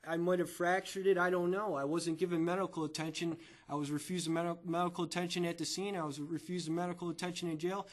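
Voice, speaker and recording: High-voiced man stammering through testimony. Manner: halting, stammering, repeats words. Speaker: witness giving testimony. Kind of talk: emotional courtroom testimony.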